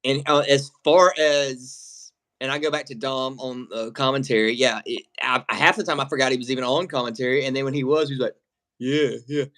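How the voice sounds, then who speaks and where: A man's voice: mid-range voice, steady tone, fairly quick, fairly bright tone. A man co-hosting a wrestling reaction stream in casual, rambling chat, swearing freely. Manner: rambling, profane, laughs while talking. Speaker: wrestling show co-host.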